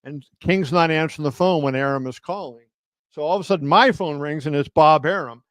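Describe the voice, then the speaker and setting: Animated storytelling man, dry sound. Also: fairly high pitch, fairly quick, no echo. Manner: animated storyteller, many fillers and restarts; acts out quotes with raised voice. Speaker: boxing journalist and stream host. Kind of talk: casual live-stream storytelling. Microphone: home setup on a live video stream.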